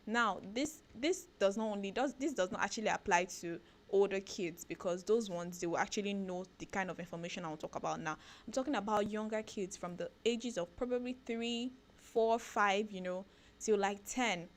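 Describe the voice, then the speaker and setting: A woman, hosting a casual radio talk segment, chatty and animated, laughing often and asking rhetorical questions. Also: mid-range voice, moderate pace. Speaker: radio show host. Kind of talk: casual talk segment giving parenting advice.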